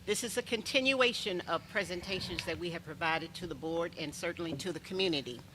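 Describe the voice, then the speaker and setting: A woman, a district administrator, formally opening a presentation to a school board, soft-spoken and ceremonious, into a meeting microphone. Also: fairly low pitch, brisk, background noise.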